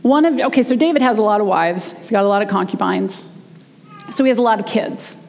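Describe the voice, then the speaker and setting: A woman preaching a sermon, retelling a story in a chatty way and slowing down to stress key words. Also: medium pitch, vocal fry, darkish tone, big-room sound. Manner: conversational storytelling, slows down for emphasis. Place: church sanctuary.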